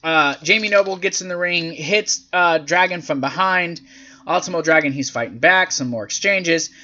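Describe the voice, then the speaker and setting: A podcast host reviews wrestling events, recapping matches in a casual, profane, sarcastic, and animated way while acting out the wrestlers' lines in silly voices. His voice is on the high side at a moderate pace, and the recording's highs are cut off.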